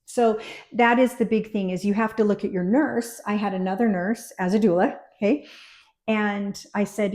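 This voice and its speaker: A woman's voice: medium pitch, normal speed. A woman midwife chatting as an interview guest in a medium voice. She tells stories with energy and brief impressions, and her tone rises and falls expressively. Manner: animated storyteller, acting out quotes. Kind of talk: casual interview chat.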